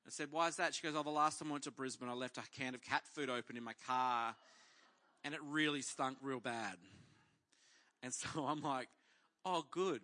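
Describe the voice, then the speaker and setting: A man's voice: mid-range voice, normal speed, pushed and bright. A middle-aged man, a pastor telling a story in a sermon and acting out the voices of the people in it.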